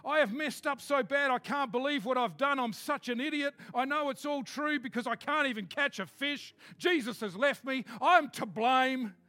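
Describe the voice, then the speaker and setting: A man voicing a despairing grown fisherman who blames himself, in a low, muttering, self-pitying way. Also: normal speed, hardly any pauses, sharp tone.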